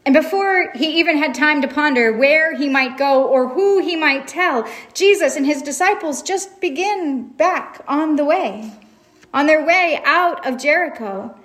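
A woman's voice: sits high, unhurried, fairly bright tone. A woman preaching a sermon, retelling a story in a reflective way and asking rhetorical questions.

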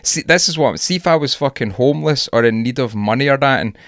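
A man's voice: medium pitch, quick pace, a bit bright, dry recording, clean studio sound. A young Scottish man in casual podcast chat, rambling and swearing freely with frequent laughs. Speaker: podcast co-host.

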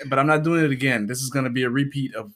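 A man's voice: medium pitch, rapid-fire, background noise. A man, a podcast co-host who cooks, chatting casually, going on rants and acting out little scenes. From Southern US, Louisiana. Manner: ranting, acts out mock dialogues. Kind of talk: casual chat.

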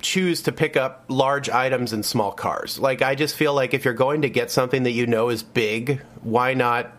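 A man's voice: mid-range voice, moderate pace, fairly bright tone. A young man co-hosting a casual comedy podcast, joking and riffing. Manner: joking, mock-announcer delivery. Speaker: podcast co-host.

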